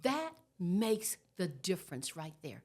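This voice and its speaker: Animated woman in her sixties teaching. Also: on the low side, slow. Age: 60s. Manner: animated, tags points with "okay?". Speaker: guest trauma educator. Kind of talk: conversational teaching.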